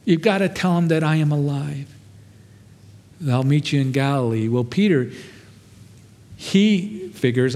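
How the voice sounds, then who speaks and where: Conversational pastor in an echoing hall. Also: male voice, fairly high pitch, measured pace, pauses often, darkish tone. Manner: conversational, self-deprecating storytelling with many fillers. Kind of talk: sermon. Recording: long hall reverb.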